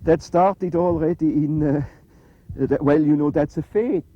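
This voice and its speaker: An older man, answering interview questions in a halting, reflective way with many fillers. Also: on the high side, dry recording, muffled recording. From Switzerland. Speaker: interview guest.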